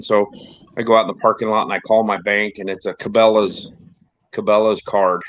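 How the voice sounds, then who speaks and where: A man's voice: fairly low pitch, fairly even intonation, normal speed, a bit bright, no echo. A man from the United States telling casual road-trip stories in a rambling way, laughing as he goes. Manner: rambling storyteller, laughs often. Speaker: podcast host. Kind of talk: casual chat. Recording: dull lo-fi dry recording.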